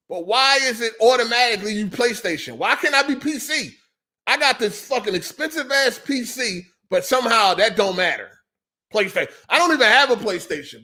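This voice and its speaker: A man hosting a live gaming podcast, ranting heatedly and profanely while answering chat. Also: sits high. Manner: profane, animated, talks back to chat. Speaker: podcast host. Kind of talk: heated live-stream rant.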